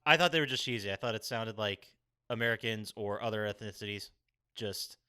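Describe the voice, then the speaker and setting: A man's voice: on the low side, brisk, bright, forceful tone, clear, resonant tone. A man co-hosting a casual podcast chat, joking and steering the talk. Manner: jokey, steers the discussion. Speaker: podcast co-host.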